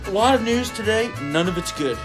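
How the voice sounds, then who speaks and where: A man's voice: high-pitched, lively intonation, fairly quick, over music. A man hosting a casual news talk podcast, blunt and sarcastic with frequent swearing, his voice a bit worn. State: losing his voice. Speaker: podcast host.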